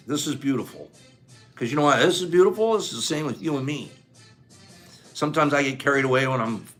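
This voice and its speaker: Man reading aloud, unhurried, sentimental asides, laughing, close to tears. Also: mid-range voice, fairly bright tone. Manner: gushing, gets carried away, near tears; laughs often, talks to listeners. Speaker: book reader. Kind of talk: reading aloud with emotional commentary.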